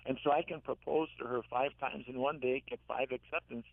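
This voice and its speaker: An older man, an author and caregiver, telling gentle stories in a radio interview, halting and repeating words as he speaks. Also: medium pitch, steady tone, gravelly, dry recording. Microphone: phone. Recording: tinny dry phone line.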